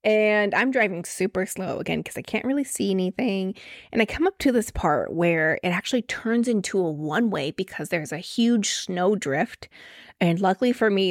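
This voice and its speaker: A woman in her late twenties telling a personal story in a casual podcast monologue, animated and full of "like" fillers, acting out the voices of people she quotes. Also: mid-range voice, no echo, clean studio sound. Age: late 20s. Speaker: podcast host.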